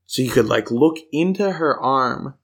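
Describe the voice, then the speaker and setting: A man's voice: mid-range voice, expressive, measured pace. A man with an American accent, co-hosting a podcast in casual, playful chat and telling rambling stories. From United States. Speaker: podcast co-host.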